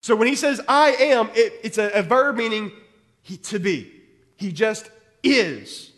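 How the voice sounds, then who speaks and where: High-voiced preacher man in a reverberant hall. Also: moderate pace, a bit bright. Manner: teaching verse by verse, with repeated checks like "okay?". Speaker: pastor. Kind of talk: sermon.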